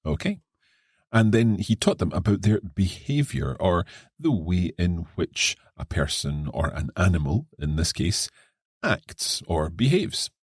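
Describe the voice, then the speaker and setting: A man co-hosts an English lesson podcast, reading passages aloud and explaining them clearly. His voice is very deep and a little husky, with a lively melody, and the recording is dry. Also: a little slow, dry recording.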